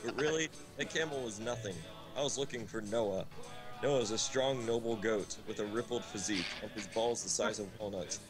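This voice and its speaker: A man streamer reading a story aloud in a deadpan comic way, tripping on words now and then. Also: on the low side, moderate pace. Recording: loud game music behind. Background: game music.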